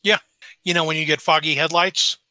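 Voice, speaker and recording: A man's voice: fairly high pitch, fairly even intonation, brisk, pushed and bright, dry recording. A man co-hosting a casual podcast, joking around and telling rambling stories. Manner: jokey, tells rambling anecdotes. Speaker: podcast co-host. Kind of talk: casual chat.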